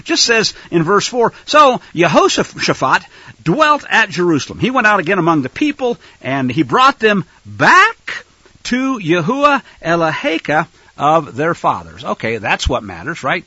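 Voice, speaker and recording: A man preaching in an animated, rhetorical style, addressing listeners as folks, on a dull lo-fi recording. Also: high voice, measured pace, slightly rough, no echo. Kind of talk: sermon-style Bible teaching.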